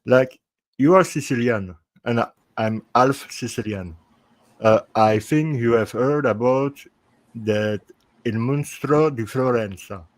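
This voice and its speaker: Male host, slow and halting, dry close sound, casual panel talk. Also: mid-range voice, no echo. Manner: halting, restarts words.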